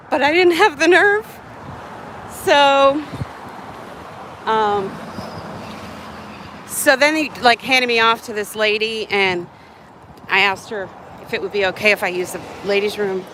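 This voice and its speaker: A woman's voice: fairly high pitch, fairly bright tone, slight background noise, low-quality recording. A woman telling a story on a livestream outdoors, out of breath and chatty, acting out the other people's lines as she goes. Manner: chatty, acts out quoted voices. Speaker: live-streamer. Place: outdoors on a hot city street.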